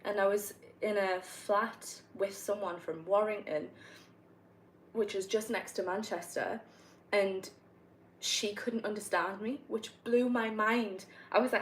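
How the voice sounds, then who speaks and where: With a Northumbrian accent, a young North East England woman chats slowly in a mid-range voice as she games and responds to viewer questions. Her talk is casual and meandering, full of laughter, over poor audio with a little background noise.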